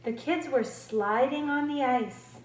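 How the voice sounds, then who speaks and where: A woman speech therapist reading picture books aloud to children, slow, clear and expressive. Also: high voice. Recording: roomy echo.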